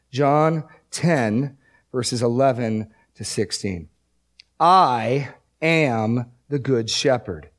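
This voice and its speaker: A male preacher giving a sermon, reading scripture aloud with slow emphasis and explaining it in a conversational way, often repeating words as he restarts. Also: medium pitch, darkish tone.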